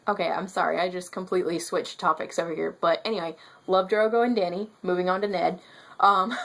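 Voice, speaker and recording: A woman in a casual book review vlog with a somewhat low voice. She rambles, stops to correct herself, and turns emphatic when something annoys her. She gestures with her hands as she talks to camera. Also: a bit bright. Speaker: book vlogger.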